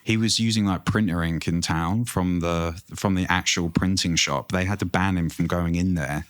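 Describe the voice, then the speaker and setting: A man, a tattoo artist guest, telling stories in an animated, casual way and swearing freely. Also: deep voice, moderate pace. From England. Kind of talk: casual interview chat.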